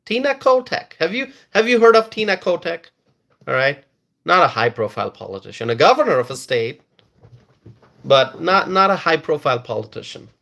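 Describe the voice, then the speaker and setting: Man, fairly high voice, live-stream commentator, emphatic, repeats himself, restarts words. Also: very animated, normal speed, creaky, bright, forceful tone. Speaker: political commentator reading viewer comments.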